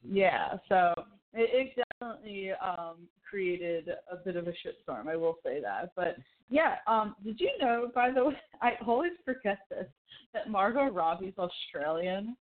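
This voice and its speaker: A woman hosting a casual podcast chat, animated and swearing freely, with quick asides. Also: medium pitch. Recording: tinny phone-like sound.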